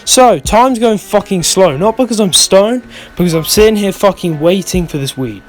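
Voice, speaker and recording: A man's voice: sits high, expressive, moderate pace, faint music behind. A young man telling a rambling, swear-filled storytime in a vlog, often losing his thread. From United Kingdom. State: stoned. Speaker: vlogger.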